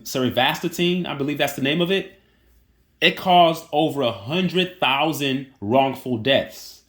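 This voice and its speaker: A man delivering an indignant, emphatic opinion rant that repeats its points for emphasis. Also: mid-range voice. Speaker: online commentator.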